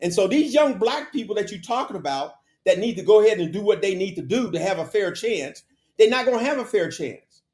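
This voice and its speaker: High-pitched man in a heated debate. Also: sing-song, a little fast. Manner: forceful, insistent, repeats phrases to hold the floor. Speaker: podcast host.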